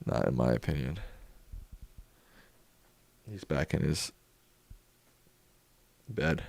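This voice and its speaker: A man hosting a casual livestream, chatting in a relaxed way and thinking aloud as he answers viewers. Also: a bass voice, slow, gravelly. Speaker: livestream host.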